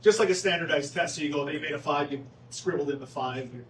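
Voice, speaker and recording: At a town hall meeting, a man with a fairly high voice talks fast as he presents golf club updates, keeping it casual and joking with the audience. The meeting room is echoey, the mic is distant, and there's faint noise.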